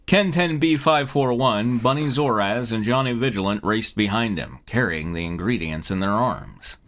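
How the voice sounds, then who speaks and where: A man narrates fan fiction aloud on a live comedy stream. His voice is bright and forceful, and his pitch rises and falls in a lively way. He keeps breaking into chuckles as he reads. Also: normal speed. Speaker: host and narrator.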